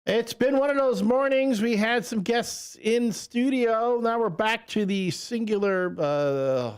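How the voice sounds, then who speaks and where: A man's voice: very high-pitched, takes it slowly, clear, resonant tone. A man co-hosting a morning radio show in a studio, talking loosely with fillers and restarts. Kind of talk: casual morning radio chat. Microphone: studio microphone.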